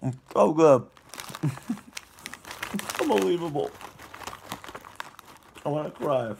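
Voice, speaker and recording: A woman films herself on her phone at home, gushing and laughing over each bite. Her pitch swings widely while her words come slow and drawn out. A faint crinkle of a snack bag sits behind her voice. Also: lively intonation, creaky, a little mellow, a little hiss or hum. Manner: gushing, exclaiming and laughing between bites. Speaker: vlogger. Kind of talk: casual taste-test vlog. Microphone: phone camera.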